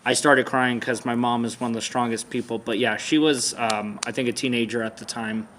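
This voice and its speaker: A man's voice: mid-range voice, fairly even intonation, fairly quick, fairly bright tone, slight background noise. A man co-hosting a vlog, asking questions and talking things through hesitantly, with many restarts. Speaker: boyfriend co-host asking questions. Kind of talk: casual serious chat.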